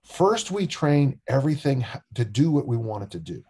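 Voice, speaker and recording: An older man with a husky, slightly breathy voice at an average pitch, talking as a coach on a podcast. He tells stories in an animated, joking way. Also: normal speed. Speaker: strength coach and discus coach. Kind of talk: podcast interview.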